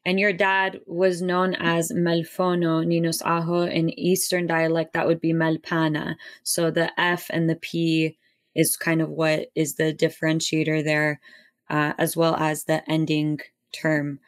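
Woman host, low voice, even and flat delivery, probing questions. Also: unhurried. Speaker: podcast host. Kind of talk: conversational interview.

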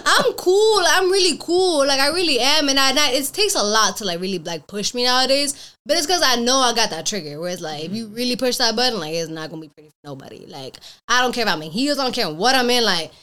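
A young woman, a podcast guest, chatting casually and acting out quoted lines in animated stories, laughing often. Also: fairly high pitch, quick pace. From Cuban family background. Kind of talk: casual chat.

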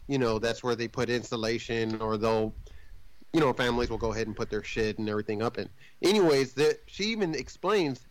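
A man recaps a movie plot in a loose, rambling way, swearing occasionally and slipping in and out of the characters' voices. His mid-range voice moves fairly quickly, and the recording is rough.

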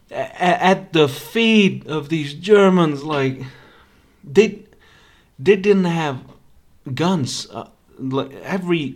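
Rambling, profane man ranting. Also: mid-range voice. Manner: profane, rambling, stammering restarts. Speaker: podcast host. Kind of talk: ranting casual monologue.

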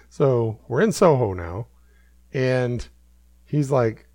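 Gravelly, animated man telling a story. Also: medium pitch, extremely slow, no echo. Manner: rambling, self-amused, many fillers. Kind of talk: casual storytelling.

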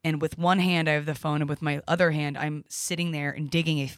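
A woman's voice: deep voice, fairly even intonation, a little fast, dry recording. Woman podcast guest, rambly, swears a lot, tons of "like", dry studio sound. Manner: rambling, profane, lots of fillers. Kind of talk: casual storytelling chat.

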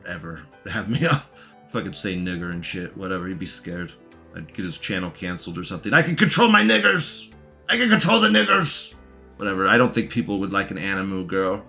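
A man's voice: low voice, pushed and bright. A man giving casual, mocking commentary as he reacts to a recorded debate and talks back to it.

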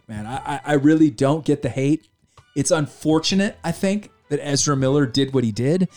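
A man's voice: medium pitch, a little mellow. A man co-hosting a podcast, casually recapping a movie, acting out scenes and laughing, with light swearing. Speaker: podcast co-host. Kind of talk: casual movie review chat.

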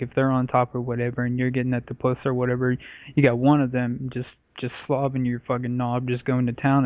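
A man's voice: mid-range voice, no room sound, dull audio. A man hosting a podcast, telling stories in a crude, laughing, casual way. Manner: profane, laughing storyteller. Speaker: podcast host.

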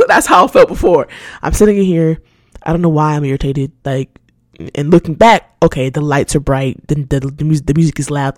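A woman's voice: deep voice, dry recording, studio quality. A woman hosting a casual solo podcast, talking candidly and animatedly, laughing often and repeating words as she searches for them. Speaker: podcast host.

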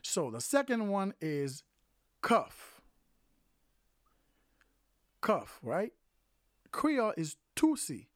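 Man slowly teaching, animated lilting voice. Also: high-pitched, no echo, studio quality. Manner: slow and repetitive, with many fillers and restarts. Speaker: podcast host and language teacher. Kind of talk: casual spoken lesson.

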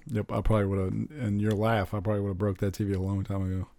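A man in casual chat, rambling and excitable, swearing freely as he talks about movies. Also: lowish voice, quick pace, no echo. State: recently recovered from covid.

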